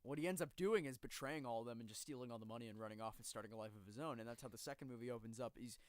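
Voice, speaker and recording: Male co-host, mid-pitched voice, animated and profane, recorded dry. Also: very fast, dry recording. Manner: animated storyteller, swears freely. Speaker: podcast co-host. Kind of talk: casual chat.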